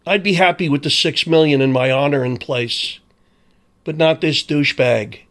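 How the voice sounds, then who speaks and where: A man's voice: a little high, normal speed, a bit bright. A man delivering an angry, sarcastic, profane sports commentary rant.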